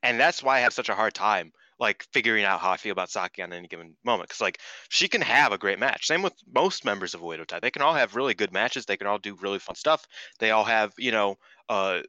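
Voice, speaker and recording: A man's voice: fairly low pitch, expressive, fast talker, bright, forceful tone, no echo. A man with a Chicago accent, co-hosting a podcast in blunt, profane casual chat full of filler words. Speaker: podcast co-host.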